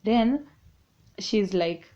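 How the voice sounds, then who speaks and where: A woman's voice: mid-range voice, animated, very slow, warm tone. A young woman telling a story casually and animatedly, mixing English and Swahili. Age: young adult. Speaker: vlogger. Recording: dull lo-fi sound.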